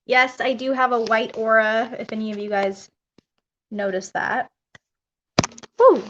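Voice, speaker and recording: A woman's voice: on the high side, fairly even intonation, moderate pace, fairly bright tone, slight background noise. Chatty woman on a dull live stream. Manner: chatty, rambling, laughs often. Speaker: spiritual coach. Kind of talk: casual live stream chat.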